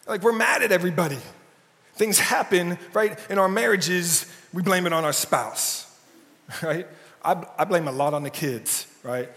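Male pastor, casual and jokey, slightly high voice, long church reverb. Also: measured pace, a bit bright. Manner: casual and jokey, often asks "right?". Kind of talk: conversational sermon. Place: church sanctuary.

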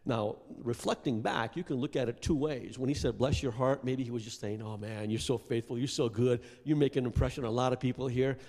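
A middle-aged man from Iraq preaching a sermon testimony, impassioned and building to shouts at its peaks. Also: medium pitch, brisk, hardly any pauses. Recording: long hall reverb.

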